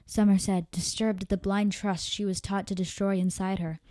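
A woman's voice: medium pitch, little pitch movement, moderate pace, hardly any pauses, warm tone, no room sound. A woman storyteller reading her own story aloud, an amateur reader who stumbles and corrects herself. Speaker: podcast storyteller.

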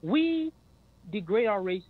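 High-pitched caller guy on a phone line, hesitant, lots of ums, sounds thin and tinny. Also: big pitch swings, takes it slowly. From Richmond, Virginia. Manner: hesitant, rephrases, many fillers. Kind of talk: phone-in call.

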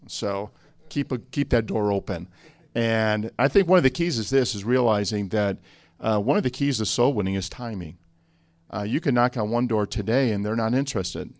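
A low-voiced man from the Chicago area, speaking as a pastor on a church conference panel. He tells stories at an easy pace and drops in joking asides. The sound is close and dry, with no room echo. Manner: relaxed storyteller, joking asides.

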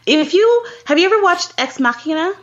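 A woman co-hosts a casual podcast with a playful, joking, exaggerated delivery. Her voice sits high and swings widely in pitch as she banters. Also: lively intonation, normal speed, lo-fi sound. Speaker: podcast co-host. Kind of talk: casual chat.

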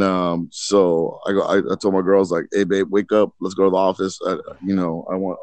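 A man's voice: low-pitched, darkish tone, no echo. A man casually telling a long, rambling story on a podcast, swearing often and acting out the voices of people in it. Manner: rambling, profane, acts out voices in his stories. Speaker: podcast co-host.

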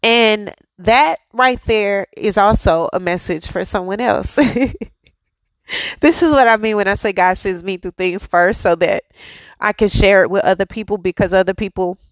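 A woman's voice: medium pitch, moderate pace, no echo, poor audio. A woman in her thirties hosting a devotional podcast, telling a personal testimony in a conversational way and often checking in with "okay?". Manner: storytelling, conversational, emphatic "okay?" asides.

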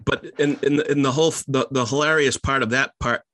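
A man's voice: mid-range voice, fairly even intonation, fairly quick, a bit bright, no echo. A man co-hosting a casual chat, rambling with many fillers and restarts. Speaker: podcast co-host.

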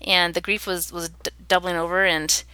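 A woman's voice: fairly low pitch, flat delivery, normal speed, bright, forceful tone, clean tone, no room sound. A woman in her thirties, an interview guest, telling a personal story in an earnest, reflective way.

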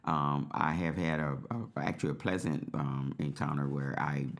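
Super deep gravelly guy, podcast co-host, halting, lots of ums. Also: steady tone. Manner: hesitant, many fillers and restarts, gives frequent backchannel replies. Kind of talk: casual chat.

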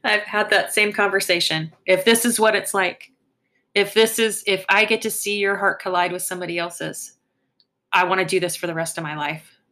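A woman's voice: medium pitch, steady tone, moderate pace, pushed and bright. A woman hosting a faith podcast, speaking in an encouraging, prayerful manner. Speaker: podcast host.

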